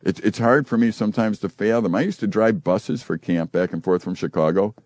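An older man hosting a casual chat, telling animated stories and acting out the quotes. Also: on the low side, fairly quick, no echo. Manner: animated storyteller who acts out quotes.

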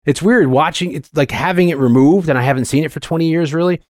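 A man in his forties talking casually about a film, rambling and animated with plenty of fillers and restarts. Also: a little high, fast talker, dry recording, studio quality. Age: 40s.

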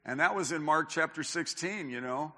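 Man pastor preaching, tells stories n acts out the lines, bright voice, long echo in the church. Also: a little high, moderate pace. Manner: animated storyteller, acts out quotes, many restarts. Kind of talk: sermon with personal storytelling. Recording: long reverb of a church hall.

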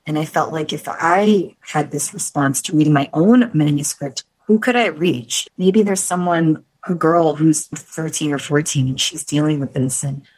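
Low-pitched woman from new york, middle-aged, talking candidly about her life, stops and restarts words a lot. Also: moderate pace, hardly any pauses, a little mellow, husky, poor audio. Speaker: guest. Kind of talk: personal story in an interview.

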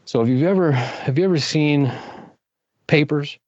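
Animated older man telling a story. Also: normal speed, dry recording. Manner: animated, jumps up in pitch when excited. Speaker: interview guest. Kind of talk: casual storytelling. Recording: dull lo-fi recording.

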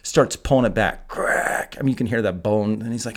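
A man on a podcast, recapping a film with heavy swearing and open disbelief. His voice sits very low. He keeps the talk loose and conversational, leaning into exasperated asides. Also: a little fast, hardly any pauses. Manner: profane, incredulous ranting. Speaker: podcast host. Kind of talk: casual film review chat.

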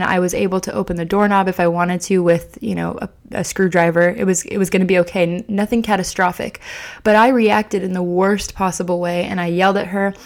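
A young woman hosting a podcast, speaking candidly and confessionally about parenting mistakes, with frequent fillers and restarts. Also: medium pitch. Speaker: podcast host. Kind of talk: casual personal podcast talk.

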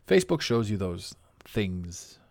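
This man takes his time, his voice showing vocal fry as he rambles through a casual solo podcast, amused and laughing often. Pitch swings keep it animated. The recording is dry.

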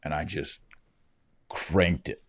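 A man's voice: rumbling low, steady tone, slow. A man with a Texan drawl giving casual commentary, his speech slightly slurred from a numb mouth after dental work. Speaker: Catholic commentary host.

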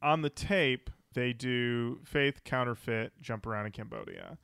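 A man's voice: mid-range voice, a little slow, vocal fry, fairly bright tone, clear, resonant tone, no room sound, clean studio sound. Man rambling in casual podcast chat. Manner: rambling, thinks aloud with self-corrections. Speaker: podcast co-host. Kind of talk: casual chat about music.

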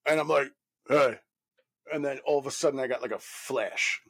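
A man in his thirties from New York, a guest actor telling a profane, animated story full of fillers. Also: medium pitch, quick pace, creaky, slightly rough. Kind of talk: casual anecdote telling.

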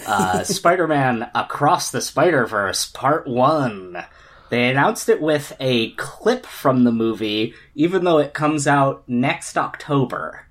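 A man's voice: mid-range voice, sing-song, slow pace, a bit bright. A man co-hosting a casual pop-culture chat, rambling and laughing often. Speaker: podcast co-host.

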